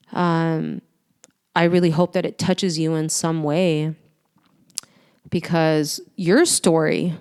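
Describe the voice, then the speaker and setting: A woman speaks earnestly and warmly to her listeners in a motivational talk. Her voice is smooth and clear and sits a little low for a woman. She talks heartfelt and direct, pausing as she goes. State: tearful at times. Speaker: host.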